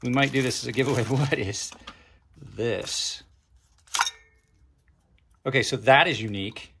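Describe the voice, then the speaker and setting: Talking to his audience while unboxing knives, a channel host and knife reviewer speaks in a mid-range, creaky, fairly bright voice that runs a little slow. Slight background noise is present, and he thinks aloud, trails off, and throws in dry sarcastic remarks.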